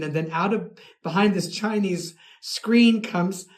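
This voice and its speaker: A man's voice: sits high, measured pace. Gushing man telling a story. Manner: excitable, gushing, with many fillers. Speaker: storyteller guest. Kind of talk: podcast anecdote.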